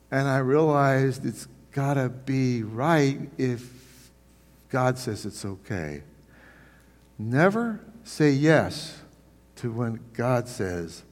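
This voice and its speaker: A man delivering a sermon, his voice sitting a little high and carrying through a church sanctuary with a long reverb tail. He tells stories in a folksy, animated way, stumbling and restarting as he goes. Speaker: pastor. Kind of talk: sermon with storytelling.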